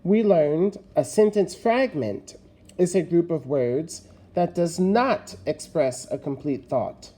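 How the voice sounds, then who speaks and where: Male teacher, recorded remote lesson, deliberate delivery that leans on key words, warm dark tone. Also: a little high, animated.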